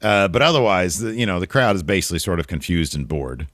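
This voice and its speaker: Deep-voiced guy on a podcast, jokey and animated, pitch swings all over, dry close mic. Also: fast talker, no room sound. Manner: animated, jokey, jumps into higher pitch for emphasis. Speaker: podcast co-host. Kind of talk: casual wrestling review chat.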